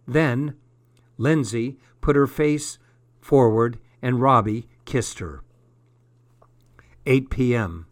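A man reading a comic first-person diary as an audiobook, with a deadpan delivery. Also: mid-range voice, takes it slowly, pauses often, no echo. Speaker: audiobook reader.

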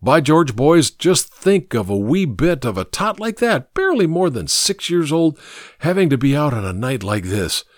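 Man reading as a kind earnest doctor, burly and grave, lively pitch, dry sound. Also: normal speed, no echo. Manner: earnest, gently hushed. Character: kindly burly doctor, grave and warm-hearted.

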